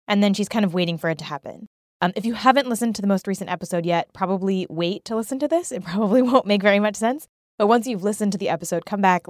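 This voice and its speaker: A woman's voice: on the low side, no room sound, clean studio sound. A woman podcast host introducing a bonus clip in a friendly, chatty way, with fillers. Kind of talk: casual bonus intro and narration.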